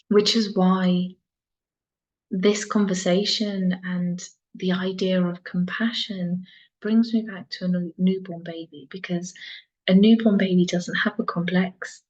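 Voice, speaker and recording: A woman mentor talking in an earnest, reflective monologue, soft-spoken and repeating phrases for emphasis. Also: medium pitch. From England. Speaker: soul mentor. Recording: dull lo-fi sound.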